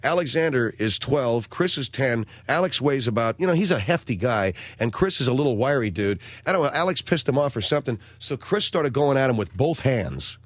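A male radio host chats casually and rambles through his stories. His voice sits at an ordinary middle pitch. The studio mic is close and dry, with no room sound. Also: expressive, brisk, few pauses, dry recording. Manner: rambling storyteller, acts out quotes in a higher voice. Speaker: radio talk show host. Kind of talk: casual radio chat and announcements.

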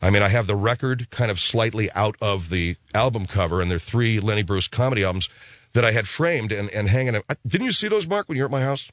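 A man's voice: on the low side, a little fast, fairly bright tone, no echo. A middle-aged man hosting a show, chatting casually about listener mail in a rambling way, often repeating and restarting words. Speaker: radio show host.

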